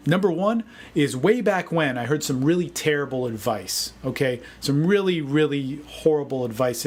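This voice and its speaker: A man giving a casual, energetic motivational talk as a dating coach, often saying "man". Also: mid-range voice, a little hiss or hum. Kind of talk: casual video talk answering a forum question.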